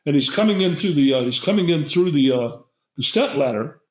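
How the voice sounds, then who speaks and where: A man's voice: on the high side, lively intonation, a little fast, a little mellow. Older man telling a rambling story. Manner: rambling, many fillers and restarts. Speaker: guest herbalist. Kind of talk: storytelling in conversation. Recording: roomy echo.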